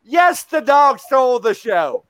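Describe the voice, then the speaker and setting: A man with a very high voice hosts a casual live stream, speaking slowly and drawing his words out. He laughs often and gets excited about odd news. The sound is dry and close. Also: clean tone, no room sound. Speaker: streamer host.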